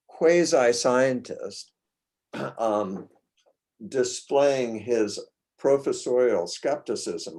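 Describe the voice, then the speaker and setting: A man's voice: medium pitch, darkish tone. A man giving an informal talk in a blunt, opinionated and emphatic way, often restarting his sentences. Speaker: speaker at a talk. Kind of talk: informal lecture.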